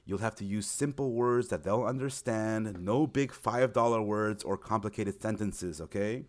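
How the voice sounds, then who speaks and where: Young man, lowish voice, upbeat encouraging explainer delivery. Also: moderate pace, few pauses. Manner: friendly, encouraging, stresses key words with lifts in pitch. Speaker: recruiter explaining teaching in China. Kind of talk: informal explainer video.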